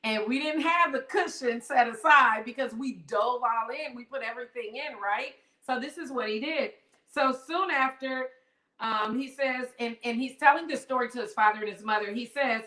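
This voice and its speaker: Woman host, bright and a little high, animated storyteller teaching a book lesson to a live audience, echoey room sound. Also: moderate pace. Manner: animated storytelling, asks viewers questions. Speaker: online book study host. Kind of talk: live-streamed book lesson, retelling and reading aloud.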